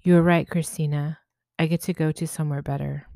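A woman's voice: sits low, fairly even intonation, fairly quick, vocal fry, warm tone, dry recording. A woman reading as an anxious young spirit woman. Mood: thoughtful. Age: young adult. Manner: hesitant, thoughtful.

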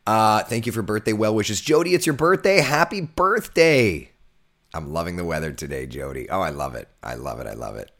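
Hoarse weatherman with a deep voice, loose and jokey while chatting with viewers. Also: expressive, normal speed, a bit bright. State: hoarse, voice recovering. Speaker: TV meteorologist hosting a live chat. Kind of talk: casual live-stream chat reading viewer comments.

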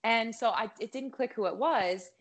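A woman's voice: a little high, moderate pace. A woman, a singer guest on a podcast, telling a long story in casual chat with many fillers. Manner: chatty, lots of fillers and likes.

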